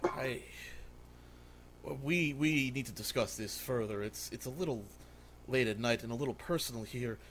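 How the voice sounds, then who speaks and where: A man's voice: mid-range voice, a bit bright, slight background noise, natural voice. A man voicing a shaken middle-aged nobleman consul who stammers and halts mid-sentence. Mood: uneasy. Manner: halting, flustered.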